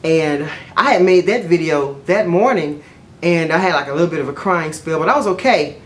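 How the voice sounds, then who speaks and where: Speaking at a moderate pace with an expressive voice, a woman vlogs a casual story to camera. She rambles chattily, full of fillers and self-corrections, her pitch leaping up when she quotes herself.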